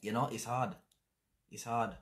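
A man with a Jamaican accent hosting a casual livestream chat, speaking in a reflective, halting way with many fillers. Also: mid-range voice, steady tone, fairly bright tone. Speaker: channel host. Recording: roomy echo.

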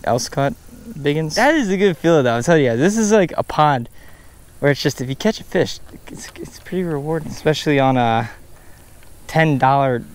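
Male outdoor vlogger: casual, excitable, prone to loud outbursts, voice on the higher side, recorded by a pond. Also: a little fast, clear, resonant tone. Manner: excitable, bursts into loud exclamations over catches. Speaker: fishing vlogger. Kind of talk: casual outdoor fishing vlog.

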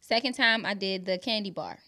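A woman's voice: medium pitch, a little fast, bright, forceful tone. A woman guest, a musician and actress, joking and laughing in casual slangy talk. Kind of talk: casual chat.

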